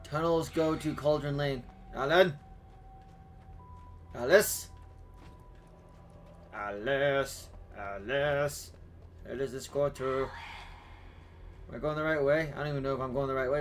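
A young man giving casual, excitable gameplay commentary, talking to himself and yelping and shouting at enemies. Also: medium pitch, a little slow, pauses often, soft background music. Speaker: gaming YouTuber.

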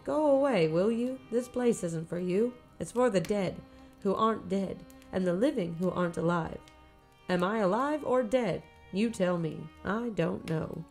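A woman's voice: mid-range voice, measured pace, darkish tone, soft background music, natural voice. A woman voicing a crazed old woman who lives alone in a derelict house, talking in brooding, rambling turns. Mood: eerie.

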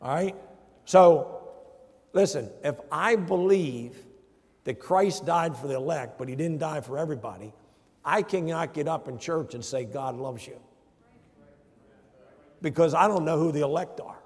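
Man, pastor, sermon, emphatic, rhetorical questions, husky voice, long church reverb. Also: fairly high pitch, normal speed.

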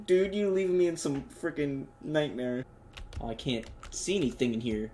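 A young man doing joking let's play commentary, reacting loudly and talking in slang. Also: a little high, animated, moderate pace. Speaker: gamer.

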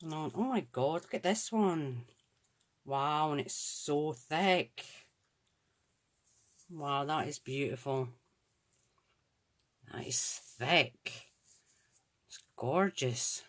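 A Scottish woman hosts a crafts channel, her low, expressive voice moving extremely slowly with long pauses. She chats casually as she unboxes and inspects craft supplies, gushing with admiration and thinking aloud.

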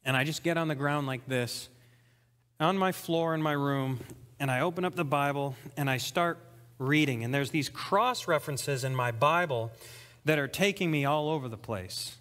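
A man's voice: fairly high pitch, normal speed, big-room sound. Man preaching an emotional testimony. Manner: emotional storytelling, swings between soft and excited. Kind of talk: testimony sermon. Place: church hall.

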